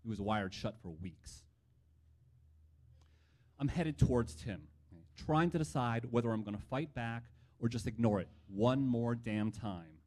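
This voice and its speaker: A man's voice: medium pitch, unhurried, a little mellow. A man telling a first-person story from his own life in a wry, reflective way.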